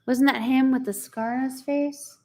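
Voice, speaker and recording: A woman's voice: sits high, fairly even intonation, moderate pace, warm tone. A woman, chatting casually on a live stream, greeting viewers by name and laughing often. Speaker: co-host of a live chat stream.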